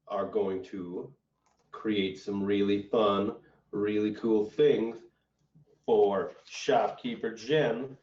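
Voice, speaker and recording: A young man hosts an online improv show, drawling slowly as he hands out prompts. He sounds far from the mic, with roomy echo on dull, muffled video-call audio. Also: lowish voice, darkish tone. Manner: laid-back and unhurried, announcing games and picking prompts.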